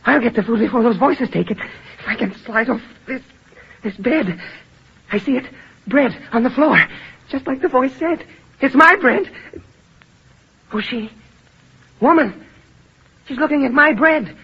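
A man's voice: extremely high pitch, measured pace, gravelly, pauses often, husky, full character voice. An actor playing a starving, weakened man muttering to himself in a 1940s radio play, on a dull old broadcast recording. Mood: desperate. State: weak with hunger. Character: starving weak man, greedy for bread.

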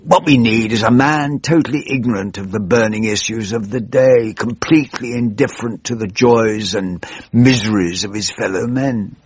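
A man's voice: fairly low pitch, moderate pace, husky, no room sound. A man voicing a gloomy, distracted English party chairman with a mournful, rambling manner. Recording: dull lo-fi radio recording.

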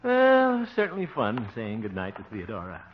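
A man's voice: mid-range voice, huge pitch swings, moderate pace. An actor playing a bashful, lovesick small-town young man who stammers and giggles, in 1940s radio acting. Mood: giddy. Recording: dull hissy old radio recording.

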